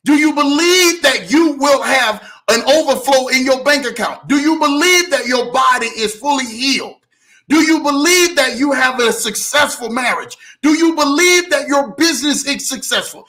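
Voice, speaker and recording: A man preaches about faith and wealth in a motivational talk. His voice sits very high for a man and sounds bright and forceful. He keeps repeating lines and shouts often. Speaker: host.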